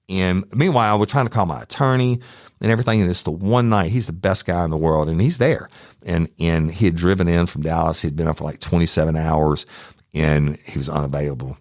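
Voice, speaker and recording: A man's voice: low-pitched, fairly quick, no room sound, studio quality. A middle-aged man with a Southern Louisiana accent, telling a heated true crime story on his podcast, cursing often and quoting back-and-forth exchanges. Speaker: podcast host.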